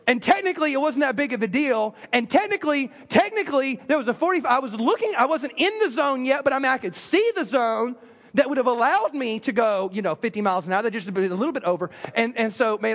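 A man's voice: very high-pitched, fairly bright tone. A man preaching a sermon as pastor, telling stories with joking asides. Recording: long reverb of a large hall.

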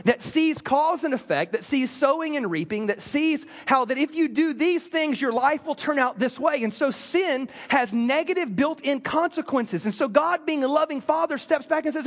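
A man pastor preaching a sermon in a casual, animated storytelling manner, full of fillers. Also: very high-pitched, normal speed, few pauses, long reverb tail.

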